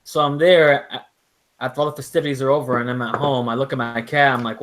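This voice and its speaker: A man in casual chat, joking and telling animated stories, with some swearing. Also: mid-range voice, fast, slight background noise. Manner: joking, animated storyteller, profane.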